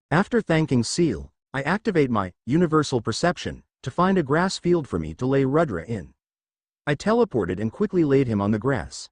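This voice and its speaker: A man reading a fanfiction story aloud in a steady, plain way. His pitch moves a lot while the rest of his delivery stays even. The recording is dry and close. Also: moderate pace, dry recording. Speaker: story narrator.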